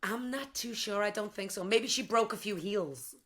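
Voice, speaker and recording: A woman's voice: mid-range voice, normal speed, fairly bright tone. A woman in her fifties, a tribute singer, chatting as a guest in a playful way and calling people honey. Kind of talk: casual interview chat.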